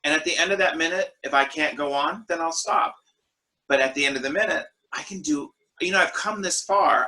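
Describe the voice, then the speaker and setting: Man, discussion leader, video call, bright tone, fairly high voice, relaxed storytelling. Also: a little fast, poor audio. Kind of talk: casual online worship discussion.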